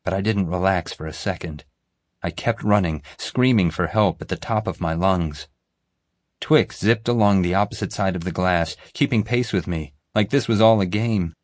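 A man giving steady, measured audiobook narration, recorded dry and close. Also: deep voice, no echo.

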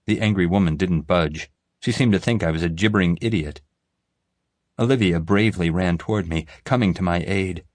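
A man giving steady, measured audiobook narration, recorded dry and close. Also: low-pitched, no echo.

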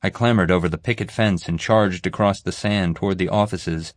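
A man giving steady, measured audiobook narration, recorded dry and close. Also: low-pitched, no room sound.

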